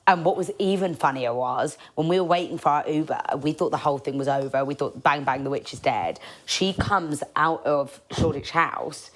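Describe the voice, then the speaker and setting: A woman hosting a casual podcast, retelling a night out as a lively, animated story. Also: low-pitched, normal speed, hardly any pauses. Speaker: podcast host.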